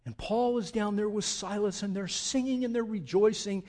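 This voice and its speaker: A man's voice: high-pitched, moderate pace, darkish tone. An older man, a pastor, preaching a sermon in an emphatic, conversational way with casual asides.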